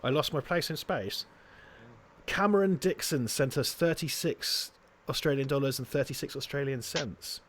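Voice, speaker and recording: A man's voice: medium pitch, normal speed. A man co-hosting a movie watch-along stream from the UK, joking sarcastically and reading out donations. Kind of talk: casual film commentary chat.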